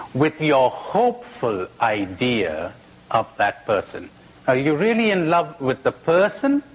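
Slow, lively-pitched man lecturing. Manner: blunt, teasing, drawn-out delivery, tells jokes. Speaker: speaker giving a talk. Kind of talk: spoken lecture with rhetorical questions.

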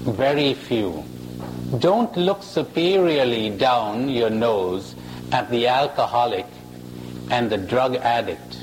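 Slow, animated man giving a spiritual talk. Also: medium pitch, a little hiss or hum, rough recording. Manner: slow, emphatic, playful with rhetorical questions. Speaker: spiritual speaker. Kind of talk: live spiritual talk to an audience. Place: hall with an audience.

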